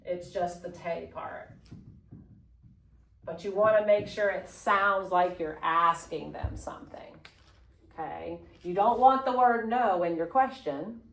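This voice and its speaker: A woman teaching a Spanish class, slowly modeling phrases for students to repeat. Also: on the low side, gravelly. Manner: patient, slow modeling of phrases. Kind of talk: classroom lesson. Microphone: phone camera propped on a water bottle. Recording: echoey classroom.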